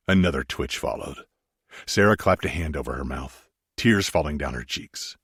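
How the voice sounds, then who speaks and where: A man's voice: very deep voice, lively intonation, moderate pace, slightly rough, no echo, clean studio sound. A man narrating a first-person romance audiobook in an intimate, brooding way.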